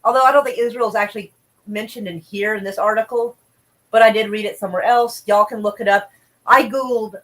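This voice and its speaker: A woman with a drawl, talking loosely and swearing freely as she reads headlines aloud. Her voice sits at an ordinary middle pitch. She chats with her viewers as she goes. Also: steady tone, a little fast, a bit bright, poor audio. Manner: profane, blunt, chatty, greets viewers. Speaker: streamer reading news. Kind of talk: casual live-stream commentary.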